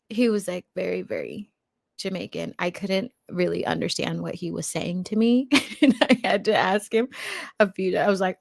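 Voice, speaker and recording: A woman's voice: medium pitch, vocal fry, no room sound, clean studio sound. A young adult woman hosting a casual livestream, chatting with viewers and laughing often. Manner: chatty with lots of fillers. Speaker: livestream host. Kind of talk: casual live chat with viewers.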